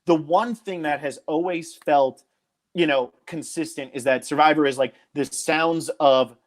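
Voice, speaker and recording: A man's voice: a little high, unhurried. Rambling, enthusiastic male podcast co-host. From New Jersey. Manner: rambling, enthusiastic, lots of fillers. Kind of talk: casual podcast chat.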